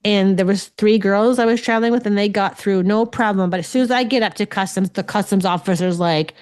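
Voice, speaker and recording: A woman's voice: medium pitch, fairly quick, darkish tone, smooth. A woman in her forties hosting a podcast as a spiritual medium. She tells stories in a chatty, casual way and swears freely. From Ontario, Canada. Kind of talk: casual solo podcast chat.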